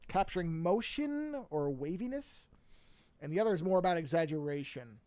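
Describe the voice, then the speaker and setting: Sounding a bit sleepy and yawning now and then, an art teacher livestreams a relaxed cartoon drawing lesson, musing aloud and rambling as he works at his desk microphone. His voice is slightly high and dark in tone, expressive, at a normal speed.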